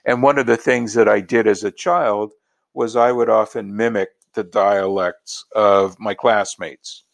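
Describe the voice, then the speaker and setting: A man from Los Angeles, a professor, answering interview questions in a measured, explanatory way. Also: on the low side, steady tone, creaky. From Los Angeles, United States. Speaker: linguistics professor.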